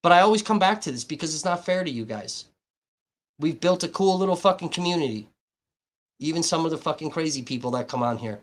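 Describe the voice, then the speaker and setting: A man's voice: a little high, animated, fairly quick. A man hosting a livestream, ranting bluntly and abrasively with heavy swearing. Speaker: livestream host. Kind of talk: heated livestream rant.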